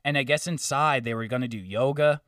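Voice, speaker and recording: Man, casual storytelling, animated, swears, mimics voices, dry sound, a bit far from the mic. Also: mid-range voice, fairly quick, no room sound. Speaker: podcast co-host telling a story.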